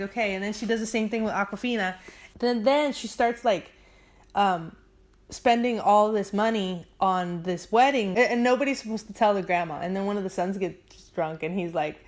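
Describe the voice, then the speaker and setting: A woman's voice: medium pitch, moderate pace. A woman casually retelling a movie's plot to her sister, chatty and full of fillers, acting out the characters' lines. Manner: chatty, filler-heavy storytelling with acted-out quotes. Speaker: vlogger. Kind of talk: casual movie recap to a sibling.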